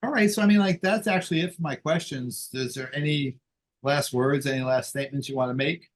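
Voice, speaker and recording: A man's voice: a little high, brisk. A man hosting a casual interview, asking easygoing, loosely phrased questions.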